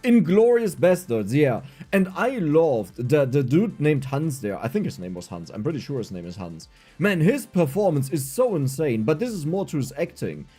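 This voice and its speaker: A man's voice: fairly high pitch, normal speed, husky. A young man with a German accent, a German native speaker, chatting casually and rambling animatedly on his livestream while gaming. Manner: animated, rambling, frequent restarts. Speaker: streamer. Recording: faint game music behind.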